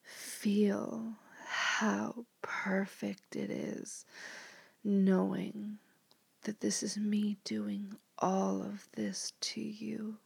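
A woman in a whispered role-play, speaking as a commanding mistress in a slow, hypnotic whisper. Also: mid-range voice, little pitch movement, vocal fry, breathy edge, no room sound.

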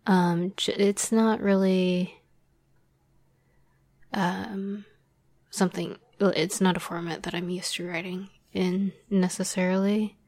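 Young woman, whispered role-play talk, breathy and dry, slow and flat, rambling with fillers. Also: on the low side, dry recording. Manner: soft rambling whisper with many fillers and light laughs. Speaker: audio drama script writer.

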